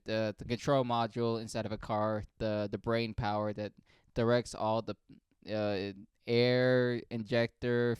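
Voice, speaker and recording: A man's voice: mid-range voice, clean tone, no echo, studio quality. A young man from Africa telling a profane, exasperated comedic story in a casual rant.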